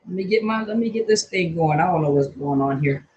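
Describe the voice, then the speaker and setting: A woman's voice: fairly low pitch, animated, a little fast, darkish tone, a little hiss or hum. A woman counselor from Washington state chatting casually on a phone livestream from her hot home, greeting viewers by name in loose colloquial talk. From Washington state, USA. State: hot and sweaty.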